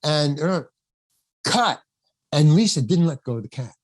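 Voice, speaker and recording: A man's voice: on the high side, lively intonation, a little slow, dry recording. An older man, an actor, telling a rambling backstage story in a podcast interview, acting out the quotes, laughing often and swearing now and then. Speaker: actor guest.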